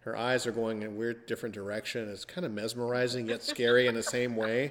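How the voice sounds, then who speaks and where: A man's voice: medium pitch, little pitch movement, fast, a bit bright, big-room sound. Teasing man hosting a podcast. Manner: playful, teasing, theatrical. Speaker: podcast host. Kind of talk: casual podcast chat.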